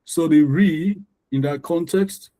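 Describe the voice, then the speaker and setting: Mellow-voiced male English tutor drilling stress. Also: fairly high pitch, slow, low-quality recording. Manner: preachy, repeats words to drill stress patterns. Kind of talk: online pronunciation lesson.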